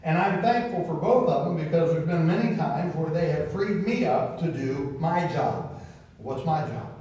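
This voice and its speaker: Man, pastor preaching a folksy sermon, slightly high voice, very echoey church heard from afar. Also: lively intonation, moderate pace, mellow. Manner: folksy, repeats words, asks the congregation questions. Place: church sanctuary. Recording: very echoey room, distant from the mic.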